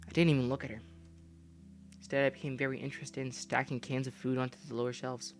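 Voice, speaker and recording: A young man reading a game story aloud and breaking off into profane, loud comments. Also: mid-range voice, level tone, quick pace, faint music behind. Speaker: gamer reading a visual novel aloud.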